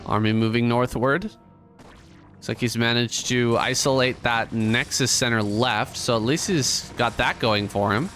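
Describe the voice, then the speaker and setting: A man's voice: mid-range voice, unhurried, slight background noise. Laid-back man casting a strategy game. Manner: relaxed, conversational play-by-play with casual asides. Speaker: esports caster. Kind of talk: solo game commentary.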